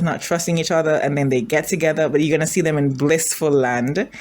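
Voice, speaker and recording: A woman chatting casually as she reacts to a drama, thinking aloud, gushing, and asking her viewers questions. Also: low-pitched. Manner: emotional, gushing.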